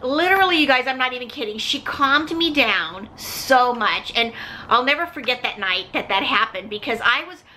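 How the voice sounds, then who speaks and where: A woman's voice: high voice, lively intonation, normal speed, bright, forceful tone, slight background noise. A middle-aged woman hosting a vlog, telling a personal story in a chatty way and often turning to her viewers. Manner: chatty, keeps saying "you guys". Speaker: vlog host.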